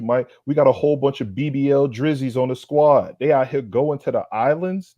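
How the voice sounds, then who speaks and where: Dull but dry audio carries a man's dark, mid-range voice, moving at a normal speed with few pauses. As a sports podcast co-host, he delivers a fired-up, profane roast rant full of slang from the street and repeated lines for emphasis.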